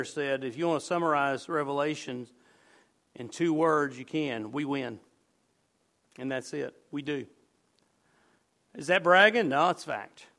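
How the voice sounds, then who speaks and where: A middle-aged man preaching a sermon, earnest and emphatic, dropping to a low murmur on key words. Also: gravelly, fairly bright tone.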